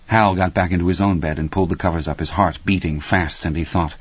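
A man narrating a story in a steady, measured audiobook reading. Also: low voice, breathy edge, no room sound, lo-fi sound.

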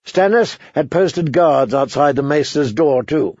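A man narrating an audiobook in a steady storytelling manner. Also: fairly high pitch, a little slow, no echo. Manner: steady storytelling, voices characters. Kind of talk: scripted narration. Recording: dry, slightly dull recording.

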